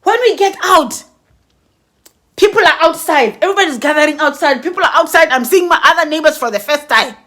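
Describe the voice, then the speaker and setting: A middle-aged woman tells a storytime vlog in a very high voice. She is dramatic and expressive and mimics bangs and blasts aloud. Her tone is bright and forceful. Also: brisk. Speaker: vlogger telling a story.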